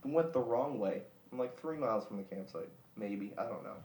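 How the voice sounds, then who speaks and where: A man's voice: medium pitch, lively intonation, moderate pace, mellow. A young man hosting a podcast, telling a rambling story in a laid-back, profane way. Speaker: podcast host. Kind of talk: casual storytelling chat. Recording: roomy, distant mic with faint noise.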